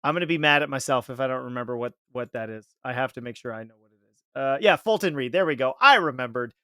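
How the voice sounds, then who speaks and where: A man's voice: mid-range voice, fast, sharp tone, smooth, dry recording, clean studio sound. A man hosting a podcast, talking casually and rambling as he searches for words. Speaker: podcast host.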